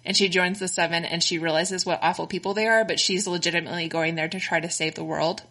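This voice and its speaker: A woman's voice: fairly low pitch, fairly even intonation, quick pace, bright, forceful tone. A Texan woman co-hosting a casual chat, rambling along with lots of fillers and restarts. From Texas, United States. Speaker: podcast co-host.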